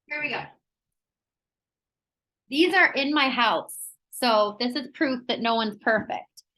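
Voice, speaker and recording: Woman wellness presenter on a video call, chatty, energetic, bright forceful tone. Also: a little high, slow pace, poor audio. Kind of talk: live online workshop talk.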